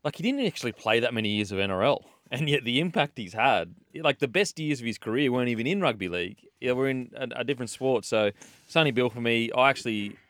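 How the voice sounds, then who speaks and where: A man's voice: medium pitch, animated, quick pace, a bit bright, dry recording, studio quality. A man, co-hosting a casual sports chat and making earnest, reflective points.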